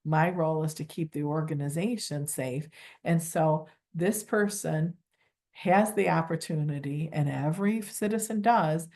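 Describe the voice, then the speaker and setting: A woman's voice: low-pitched, unhurried, a little mellow. A middle-aged woman who coordinates volunteers, giving a conversational training talk in a humble manner. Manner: humble, conversational, acts out phone calls.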